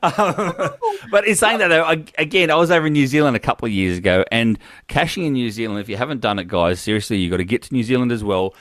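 A man's voice: mid-range voice, racing, hardly any pauses, fairly bright tone, no echo. A chatty man hosting a casual podcast conversation. He rambles with restarts and laughs easily, recorded close and dry with no room sound. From Australia. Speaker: podcast host. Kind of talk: casual chat.

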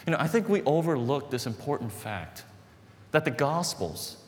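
A man's voice: mid-range voice, animated, moderate pace. Earnest preaching man in a big hall. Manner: conversational, earnest, building to emphatic points. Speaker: pastor. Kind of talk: sermon storytelling. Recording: long hall reverb, faint background noise.

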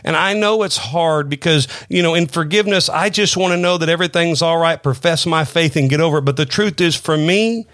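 A man's voice: a little high, a little fast, hardly any pauses, fairly bright tone, no echo. Man, middle-aged, pastor, sermon, earnest, repeats himself, dry recording. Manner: earnest, repeats words and restarts often. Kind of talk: sermon-style teaching.

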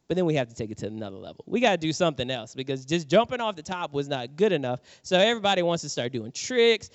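A middle-aged man preaching a sermon, telling a personal story with animated acted-out quotes. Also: fairly high pitch, no echo, lo-fi sound. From New Orleans, USA. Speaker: pastor.

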